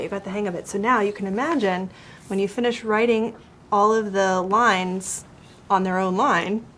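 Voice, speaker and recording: A woman teacher works one-on-one with a child, explaining calmly and step by step. Her voice sits at an ordinary middle pitch, gentle and encouraging. A faint background hiss runs beneath her. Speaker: writing teacher. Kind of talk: one-on-one writing coaching with a child.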